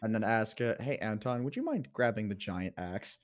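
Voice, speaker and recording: A man playing a tabletop game, speaking calmly with halting pauses. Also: on the low side. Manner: calm, halting, with uhs. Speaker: player. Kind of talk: casual tabletop play.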